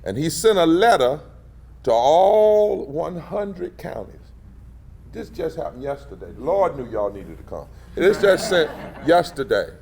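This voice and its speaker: Speaking as a civil rights leader, a man with a sing-song, higher-pitched voice addresses an indoor press gathering at normal speed with hardly any pauses. He preaches with rhythm and emphasis, his passion swelling on the key phrases.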